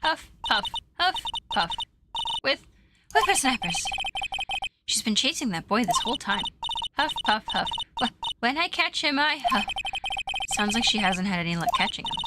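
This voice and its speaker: A woman's voice: on the high side, very animated, normal speed, heavy background noise. A woman doing a panting, huffing old lady. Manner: huffing and puffing between words. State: out of breath. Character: breathless fussy old woman security guard. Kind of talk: fan dub of a game.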